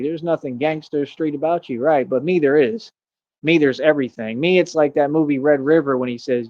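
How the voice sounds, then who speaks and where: Boastful man with a slightly high voice. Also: dry recording, highs cut off. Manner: boastful and mocking, rambling with many fillers. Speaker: streamer. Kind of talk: livestream rant.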